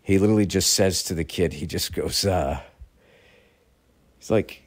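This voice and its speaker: A man hosting a show, casually retelling a film scene in a rambling, profane, animated way. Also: sits low, normal speed, pauses often. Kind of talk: casual storytelling.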